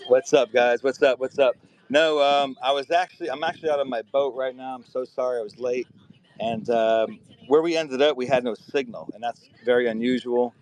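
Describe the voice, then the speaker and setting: A man's voice: medium pitch, steady tone, moderate pace, rough recording. A man chatting casually as a guest from a boat outdoors, laid-back with many ums. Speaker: guest community member. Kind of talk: casual chat.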